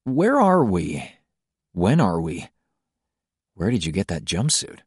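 A man voicing a curious, bewildered man in an audiobook, asking measured questions. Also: low voice, huge pitch swings, a little mellow, breathy edge, no echo, studio quality, full character voice. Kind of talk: audiobook character voice.

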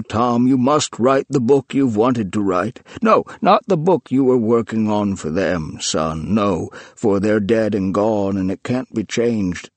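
A man's voice: fairly low pitch, no room sound. A man voicing an earnest elderly man who coaxes and pleads. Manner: urgent, coaxing, pleading.

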